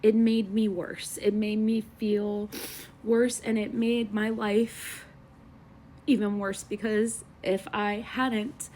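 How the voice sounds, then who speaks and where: An American woman in her thirties venting earnestly to her viewers in a personal vlog, halting and emotional. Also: mid-range voice, level tone, a little mellow, a little hiss or hum. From United States. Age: 30s. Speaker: vlogger.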